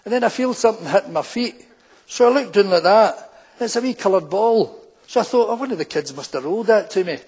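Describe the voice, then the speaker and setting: An older Scottish man with a broad Glaswegian accent spins police anecdotes as live stand-up, slipping into the voices of the people he met. His voice sits fairly high for a man and has a husky edge to it. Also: expressive, fast, darkish tone. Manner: anecdotal, acts out quoted characters in broad local dialect. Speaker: stand-up comedian, former policeman. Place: town hall stage before a full house.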